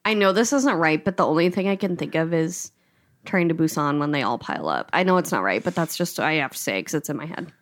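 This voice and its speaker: A woman's voice: low-pitched, expressive, fast talker. A woman co-hosting a podcast in casual chat, playful and competitive, laughing often. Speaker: podcast co-host.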